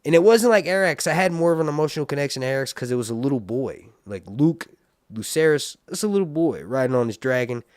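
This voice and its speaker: A man's voice: medium pitch, expressive, quick pace, dry recording, clean studio sound. A man hosting a casual live stream, rambling and joking while he reads viewer comments. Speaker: live stream host reviewing a TV series.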